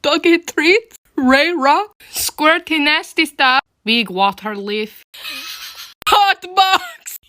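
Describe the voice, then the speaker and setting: A woman's voice: sits high, lively intonation, slow pace, pushed and bright, dry recording, clean studio sound. A woman reading words aloud in a casual reaction video, breaking into shrieking laughter. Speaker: TikTok creator.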